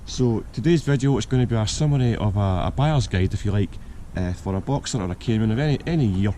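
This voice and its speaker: A man with a croaky voice from a cold, hosting and giving casual buying advice with lots of ums and restarts. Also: lowish voice, animated, fast, few pauses, mellow, a little hiss or hum. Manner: hesitant, many ums and restarts. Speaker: car channel host.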